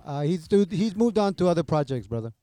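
Lively, quick-talking teasing man. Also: fairly high pitch, no room sound, soft background music. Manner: teasing, slangy, calls people bro. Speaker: podcast co-host. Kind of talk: casual podcast banter.

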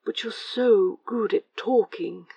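A woman voicing a gentle, affectionate man who speaks softly and coaxingly, at times in a whisper, in a fan audio drama. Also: mid-range voice, takes it slowly, vocal fry, breathy edge, no echo, far from the mic, heavily acted, poor audio. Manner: soft, tender, sometimes whispered.

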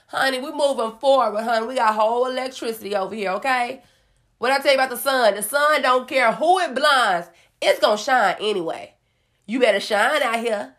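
Sassy motivational woman with dramatic pauses. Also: high voice, a bit bright. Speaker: motivational vlogger. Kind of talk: casual motivational talk to viewers.

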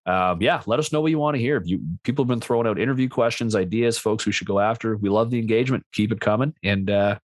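A man hosting a casual podcast, rattling through anecdotes at a quick clip with lots of filler words. His voice sits a bit low. The sound is dry and close. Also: no room sound. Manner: laid-back storyteller, lots of fillers. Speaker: podcast host. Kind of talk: casual chat.

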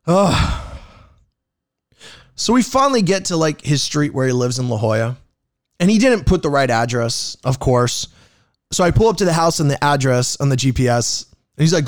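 A man telling a casual story in a lively, animated way, cursing freely and acting out every exchange. His voice sits high and leaps around a lot. The recording is dry and close. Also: brisk, no room sound. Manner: animated, profane, acts out dialogue. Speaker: rideshare driver.

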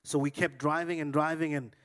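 A male preacher speaks to his congregation in a church, pitched a touch high. He tells a personal story in an animated way and swings from calm talk to loud, excited outbursts. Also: fairly quick. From Africa. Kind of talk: sermon.

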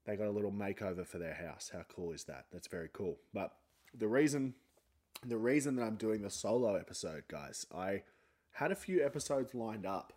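A man's voice: lowish voice, lively intonation, moderate pace, a little mellow. A young man hosting a solo podcast, talking a little funny from a sore jaw after having his wisdom teeth out, in a rambling, chatty, self-mocking way. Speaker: podcast host. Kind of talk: casual solo podcast chat.

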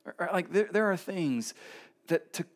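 A man in his thirties preaching a casual, storytelling sermon at a church service, swinging between emphatic lines and quiet asides. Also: sits high, lively intonation, normal speed. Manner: conversational storytelling, shifts between loud emphasis and soft asides. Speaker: pastor.

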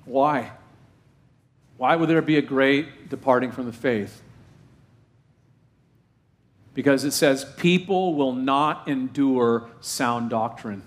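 A man preaching a sermon as pastor, full of rhetorical questions and emphatic repetition, slowing down to stress key phrases, with playful asides. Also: mid-range voice. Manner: playful asides and self-deprecating humor.

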